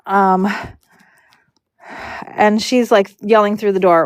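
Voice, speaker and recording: A woman's voice: medium pitch, level tone, a little slow, pauses often, no echo. A woman telling a long, rambling story on a live stream, with many fillers and restarts.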